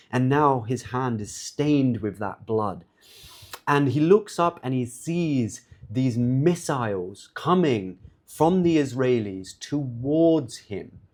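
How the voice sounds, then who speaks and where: A man's voice: mid-range voice, darkish tone. A man giving a religious lecture in an impassioned, sarcastic manner.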